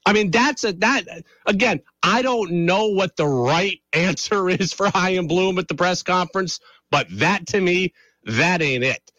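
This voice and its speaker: A man hosting a sports radio show, talking through an animated, opinionated monologue with rhetorical questions. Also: sits high, a little slow, no room sound, dull audio.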